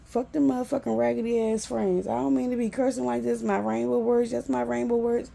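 Woman, 40s, venting rant, very gravelly, husky, profane, exasperated. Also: on the high side, flat delivery, brisk, mellow. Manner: profane, exasperated, repeats herself. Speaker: vlogger.

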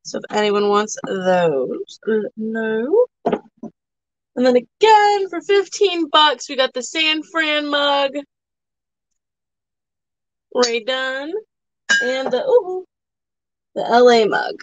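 A woman's voice: high-pitched, lively intonation, slow, long pauses, no room sound, muffled recording. A young woman chatting casually while selling items on a live stream, teasing viewers and rambling, a bit tired. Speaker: live auction seller.

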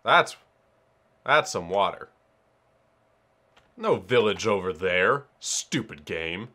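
A man casually commenting on his own gameplay, excitable and swearing, talking to himself as he plays. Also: lowish voice, slow pace, pauses often. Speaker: let's player.

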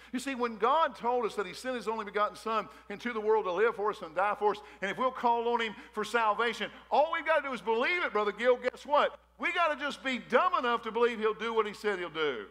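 A man preaching in a high, folksy voice, trading jokes and questions with his congregation. He wears his emotion openly as he preaches. His words ring out with a long reverb through a big church hall. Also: sharp tone. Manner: folksy, joking preaching with crowd call-outs. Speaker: pastor. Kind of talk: sermon. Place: church hall, a former gymnasium.

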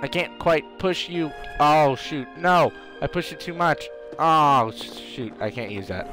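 Excitable man trash-talking game enemies. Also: a little high, a little slow, faint music behind. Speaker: gamer. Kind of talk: let's play commentary.

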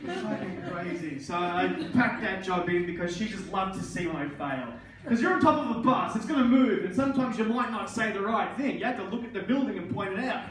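An Australian stand-up comedian with a high, fairly quick voice performs a crude set at an open mic on a small indoor pub stage, often laughing at his own jokes. He sounds far from the mic, and the echoey room is filled with crowd laughter and chatter.

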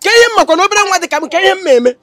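A callous Nigerian village husband. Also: male voice, extremely high pitch, sing-song, fast, fairly bright tone, no echo, full character voice. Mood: dismissive. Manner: dismissive, taunting. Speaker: lazy drunkard husband. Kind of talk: Nollywood film acting.

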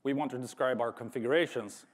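A man's voice: medium pitch, fast talker. A man giving a conference talk, thoughtful with light humor, often restarting his sentences. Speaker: conference speaker. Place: large conference hall. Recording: reverberant conference hall.

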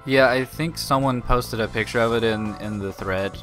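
A man hosting a let's play, chatting loosely over his gameplay at an ordinary middle pitch. He restarts sentences often and swears casually, with game music playing behind him. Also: normal speed. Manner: loose, profane, frequent restarts.

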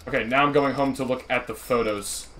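A man's voice: mid-range voice, fairly even intonation, a little fast, sharp tone, a little hiss or hum. A young man doing profane, nervous, jokey commentary while playing a horror game. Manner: profane, jittery, nervously joking. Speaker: gamer.

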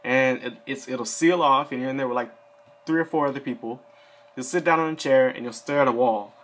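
In a casual advice vlog, a young man who enlisted in the Air Force talks loosely from his seat indoors, with plenty of filler words. His voice is mid-range and fairly bright, and he talks fairly quickly in an unscripted, conversational way, like a friend sharing his own experience.

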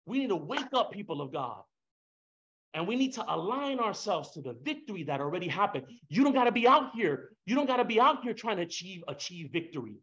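A man with a high voice preaches a fervent sermon. He swings from hushed lines to loud bursts, peppers the congregation with rhetorical questions and slips into casual slang. The recording sounds dull and lo-fi. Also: big pitch swings, a little fast.

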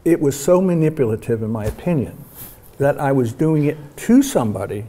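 Guy hosting an interview, asks curious questions, nods along, warm low-key voice. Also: big pitch swings, a little fast. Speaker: show host. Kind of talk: conversational interview.

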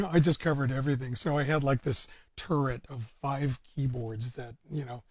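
A man's voice: mid-range voice, fairly even intonation, moderate pace, no echo. A man, a guest musician talking in an easygoing, rambling way with lots of fillers. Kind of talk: casual interview chat.

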